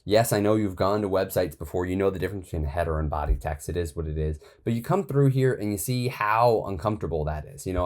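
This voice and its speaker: A man's voice: deep voice, a little mellow. A man teaching a copywriting course in a casual, think-aloud way, often restarting his sentences. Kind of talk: casual screen-share tutorial.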